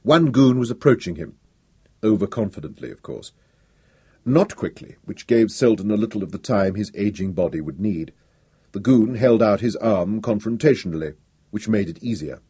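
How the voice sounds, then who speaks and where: A man narrating a story in an expressive, dramatic storytelling style. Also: lowish voice, moderate pace, breathy edge. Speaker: audiobook narrator. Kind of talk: scripted narration.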